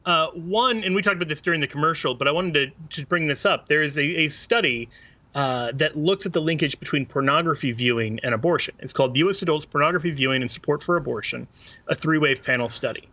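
A man's voice: on the high side, fast talker, pushed and bright, no echo, lo-fi sound. A man on a talk show, making his points earnestly and fluently. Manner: earnest, fluent, quotes sources. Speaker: co-host.

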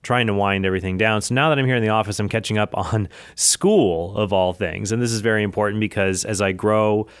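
A man's voice: on the low side, fairly quick, few pauses, smooth, dry recording, clean studio sound. A man hosting his own podcast from an office, talking casually and chattily, with frequent asides. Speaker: podcast host. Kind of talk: casual solo podcast talk.

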